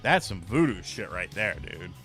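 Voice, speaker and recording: A man's voice: low-pitched, very animated, normal speed, vocal fry, a bit bright, soft background music. A young man hosting a casual live stream, telling stories loosely and swearing freely.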